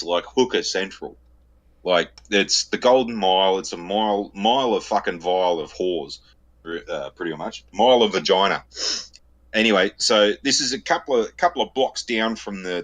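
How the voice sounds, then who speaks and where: A man's voice: lowish voice, a bit bright. A middle-aged man with an Australian accent, telling crude stories on a podcast, swearing constantly and laughing at his own tales. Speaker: podcast host. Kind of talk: crude casual storytelling.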